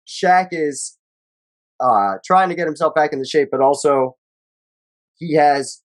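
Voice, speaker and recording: A man co-hosting a casual sports podcast, reading stats and quotes aloud in a loose, profane way. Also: a little high. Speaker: podcast co-host.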